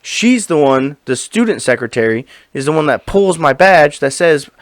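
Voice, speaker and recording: A man co-hosting a podcast, telling a story in casual chat, animated and profane, acting out the lines of the people in it. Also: a little high, moderate pace, no room sound. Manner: animated, profane, acts out quoted dialogue. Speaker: podcast co-host.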